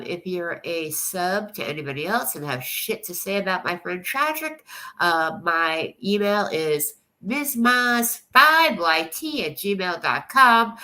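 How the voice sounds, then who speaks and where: A woman's voice: medium pitch, pushed and bright. A woman streaming live, crying and rambling with nervous laughs as she talks to her chat. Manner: tearful, rambling, laughing through tears. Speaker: livestreamer. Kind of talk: casual livestream chat.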